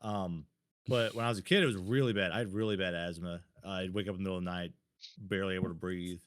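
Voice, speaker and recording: A man's voice: low voice, steady tone, fast, fairly bright tone, dry recording, clean studio sound. A man in his thirties, co-hosting a podcast, telling childhood stories in a casual, blunt, self-mocking way with plenty of swearing. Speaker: podcast co-host. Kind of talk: casual storytelling chat.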